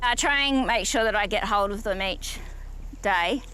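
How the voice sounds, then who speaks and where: A young Australian woman and goat breeder talking in a relaxed, matter-of-fact way outdoors on her farm. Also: mid-range voice, normal speed, faint music behind, rough recording. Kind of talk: documentary interview on her farm. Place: outdoor farm paddock with goats.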